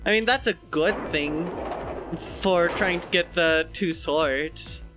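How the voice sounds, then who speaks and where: A man's voice: fairly high pitch, takes it slowly, over music. A male streamer chatting casually with his viewers, laughing often and poking fun at himself. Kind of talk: casual live-stream chat.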